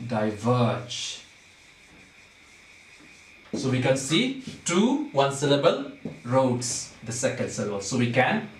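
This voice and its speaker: A male teacher patiently explaining a poem to a class, often checking understanding with "okay?". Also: a little high. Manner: patient, repeats points, keeps checking with "okay?". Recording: roomy sound, far from the mic, faint noise.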